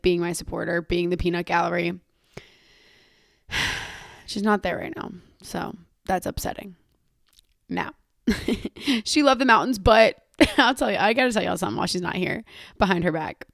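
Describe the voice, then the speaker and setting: A woman's voice: medium pitch, no room sound. Young woman, podcast host, chatty and self-mocking, casual swearing, dry close sound. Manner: chatty, self-mocking, jumps between topics; swears casually and laughs often. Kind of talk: casual solo podcast chat.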